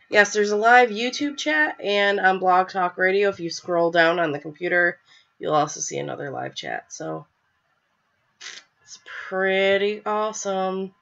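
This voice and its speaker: Young woman, stuffy from a cold, low-pitched, chatty live host, lo-fi webcam audio. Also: unhurried, fairly bright tone. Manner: chatty, filler-heavy, apologetic. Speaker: podcast host. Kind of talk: casual live show chat.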